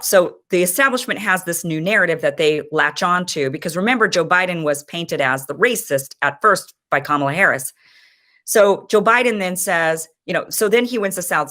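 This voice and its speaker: A woman's voice: on the low side, sharp tone. A woman in her thirties giving impassioned, frustrated political commentary as host of her own show.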